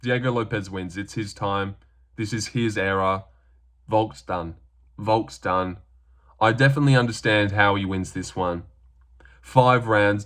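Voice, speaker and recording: A man's voice: on the low side, a bit bright. A young Australian man talking casually through his fight predictions, rambling with lots of fillers.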